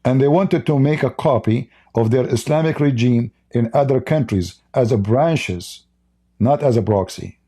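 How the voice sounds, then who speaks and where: Heated man with a mellow voice. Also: medium pitch, normal speed, slightly rough. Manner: heated, blunt, mocking, with broken non-native English. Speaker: live-stream host. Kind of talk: ranting live-stream commentary, reading viewer chat.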